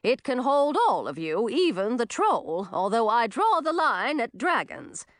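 A woman's voice: a little high, sing-song, dry recording, clean studio sound. Azuria, a bossy old witch, as a woman reader puts her on. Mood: brisk. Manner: brisk, bossy.

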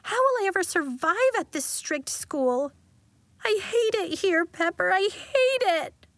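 A woman's voice: animated, unhurried, a bit bright, no room sound, exaggerated voice. A woman putting on a weepy young girl. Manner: high, tearful pleading. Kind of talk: storybook reading.

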